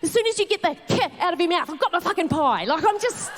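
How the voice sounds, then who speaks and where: Animated New Zealand woman telling stand-up stories. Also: very high-pitched, quick pace, slight background noise. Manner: animated storytelling with swearing and laughter. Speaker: stand-up comedian. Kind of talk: live stand-up set. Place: theatre stage before a live audience.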